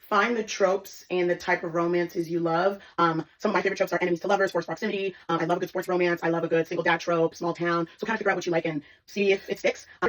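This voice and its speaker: A woman in her twenties, a book influencer, giving quick, bubbly book recommendations to camera. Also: fairly low pitch. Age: 20s. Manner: bubbly and quick, gushing over books.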